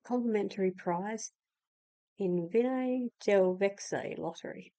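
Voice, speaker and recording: A woman hosts a relaxed video about game lore in a mellow, warm voice. She talks in an easy, explanatory way, with small asides and fillers. The sound is dry and close. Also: mid-range voice, a little slow, no echo, rough recording. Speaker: host. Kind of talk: casual game lore talk, reading in-game texts aloud.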